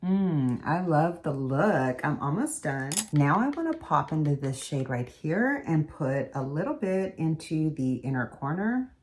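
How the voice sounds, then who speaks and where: A woman's voice: low-pitched, big pitch swings, measured pace, few pauses, a little mellow, a little hiss or hum. A woman beauty vlogger chatting casually as she does her makeup in a tutorial. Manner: chatty, talks while doing makeup.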